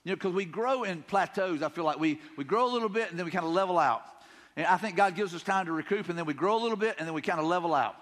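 Speaking fast in a Southern drawl, a pastor gives a casual, folksy sermon, frequently going back over the same words and paraphrasing scripture loosely. His voice is high for a man and a bit bright, and the church sanctuary adds a long, ringing reverb.

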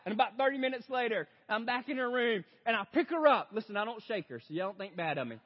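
A young adult man preaching a sermon as a story, talking straight to his listeners and swinging between loud outbursts and hushed reflection. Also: very high voice, expressive, quick pace. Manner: storytelling, addresses audience as "you guys". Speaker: pastor. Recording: dull lo-fi sound in a big reverberant hall.

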